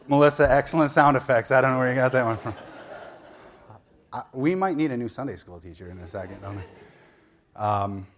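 Conversational male pastor preaching. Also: mid-range voice. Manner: conversational storytelling with asides and light humor. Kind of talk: sermon.

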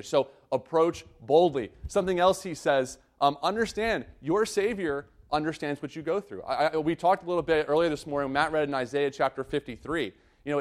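A man preaching a sermon, reading scripture and explaining it in an earnest way, often repeating and restarting his phrases. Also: a little high. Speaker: pastor.

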